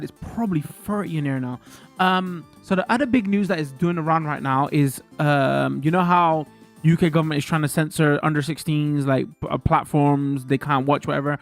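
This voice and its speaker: A man chatting casually on a livestream, animated and swearing as he rants to his chat from a hot room with a fan running. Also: fairly high pitch.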